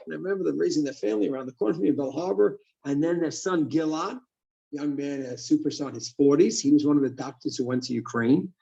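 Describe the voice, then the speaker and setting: A man giving a sermon as a rabbi, lively and asking and answering his own questions. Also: on the high side, fast, vocal fry, lo-fi sound.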